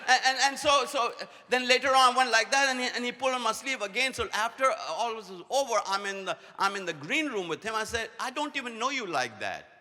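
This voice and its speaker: Bright-voiced man in his 60s. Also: very high-pitched. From India. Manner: playful storyteller with rapid repetitions. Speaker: conference speaker. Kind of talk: humorous preaching keynote. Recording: long hall reverb, faint noise.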